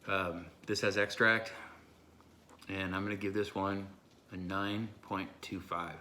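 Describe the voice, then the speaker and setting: Deep, bright-toned man reviewing a hot sauce, voice strained from the burn, faint room noise behind. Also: level tone. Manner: breathy, gasping, pausing to recover. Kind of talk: casual vlog talk to camera.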